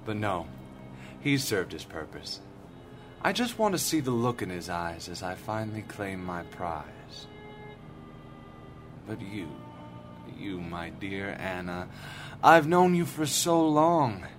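A man's voice: deep voice, big pitch swings, slow, music in the background, full character voice. An actor playing a smug male demon lord who speaks in a silky, patronizing way. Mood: gloating.

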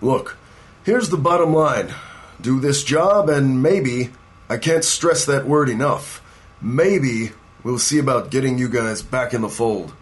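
A man's voice: medium pitch, a little slow, close to an everyday voice. An actor playing a firm, persuasive male boss of a paranormal agency, pressing a former agent to take a job in an audio drama.

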